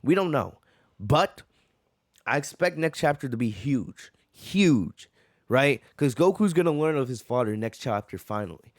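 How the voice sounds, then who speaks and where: A man's voice: medium pitch, lively intonation, unhurried, no echo, studio quality. A man hosting a manga reaction, talking eagerly and often checking in with "right?". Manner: eager, keeps asking "right?". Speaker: host.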